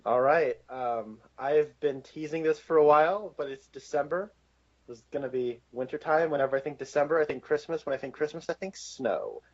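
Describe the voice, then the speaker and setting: A man's voice: on the high side, moderate pace. A man co-hosting a podcast, giving blunt, dismissive opinions in casual movie review chat, with lots of filler words. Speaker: podcast co-host. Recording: lo-fi, dull sound.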